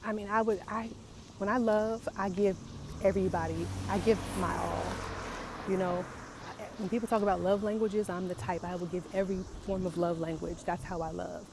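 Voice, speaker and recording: A young woman with a fairly low voice talks through hard feelings in a raw confessional vlog. She speaks in a halting, emotional way and often circles back to repeat herself. Faint insect sounds drift in from outdoors behind her. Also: fairly even intonation, background noise. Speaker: vlogger.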